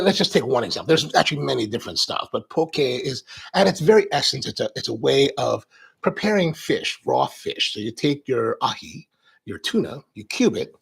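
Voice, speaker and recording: Male host, a little high-pitched, with a rough, fry-heavy voice; casual, rambling chat full of restarts. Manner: rambling, tangential, many restarts. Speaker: coffee show host.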